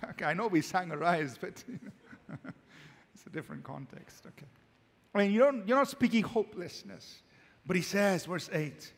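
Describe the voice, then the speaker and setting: A male pastor preaching a sermon, swinging from emphatic, loud declarations to hushed, quiet lines. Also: high voice, animated, moderate pace, long reverb tail.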